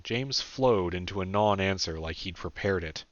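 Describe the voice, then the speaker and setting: An author narrates his own audiobook in a low voice, plain and understated, at a moderate pace with hardly any pauses. The recording is dull, dry and lo-fi, with no echo.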